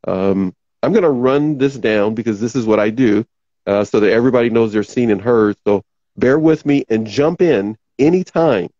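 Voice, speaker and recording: A man's voice: medium pitch, normal speed, dark tone, no echo, dull audio. Man hosting a talk show, tiring voice. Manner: rambling, reads viewer comments aloud, voice tiring. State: voice going hoarse. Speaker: podcast host. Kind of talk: casual talk show chat.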